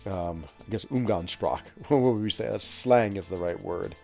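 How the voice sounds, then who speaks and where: This West Virginia game streamer, from the United States, has a creaky, dark-toned voice on the low side and speaks at a moderate pace over faint music. Hosting his livestream, he tells meandering stories, chatting with plenty of fillers and laughter as he reads out chat.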